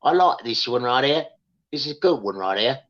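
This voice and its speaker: A man's voice: mid-range voice, expressive, fairly quick, a bit bright, muffled recording. A male comedian in a casual livestream chat, ranting and swearing with lots of repetition over a remote call. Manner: profane, ranting, repeats himself. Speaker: comedian guest.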